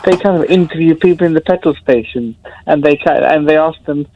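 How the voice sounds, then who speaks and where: Excitable high-voiced male caller on the phone. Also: brisk, slight background noise. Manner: excitable, rambling, repeats himself. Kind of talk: phone-in call. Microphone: telephone. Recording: dull phone line.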